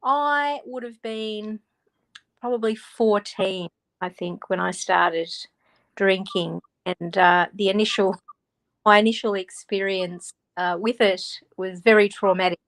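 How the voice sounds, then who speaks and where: Her medium-pitched voice is steady, fairly bright and measured as this Australian author chats in a casual interview over a video call. She talks freely, laughs a lot and restarts words.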